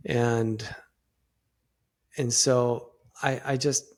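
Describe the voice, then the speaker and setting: A middle-aged man talks as a podcast guest in a plain, mid-pitched voice. He speaks reflectively and haltingly, restarting his sentences often as he works through his thoughts. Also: little pitch movement, darkish tone. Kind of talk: conversational interview.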